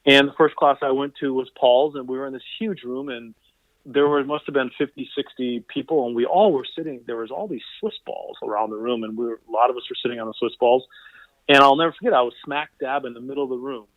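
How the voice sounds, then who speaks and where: A man, a physical therapist guest on an interview podcast, telling stories in an animated way and quoting people as he goes, heard over a call line. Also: medium pitch, quick pace, dry recording. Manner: animated anecdotal storyteller, quotes people in voices. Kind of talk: conversational interview storytelling. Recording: tinny phone-line sound.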